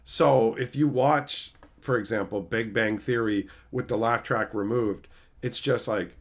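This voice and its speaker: A man's voice: on the low side, unhurried. A man streaming casually, reading chat aloud and ranting with a lot of profanity.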